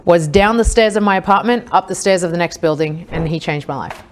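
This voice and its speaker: A woman's voice: lowish voice, a little fast, very noisy. A woman with an Australian accent, a podcast guest earnestly telling the story of her hardest times. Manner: earnest, reflective, recounting hard times. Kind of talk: candid personal storytelling.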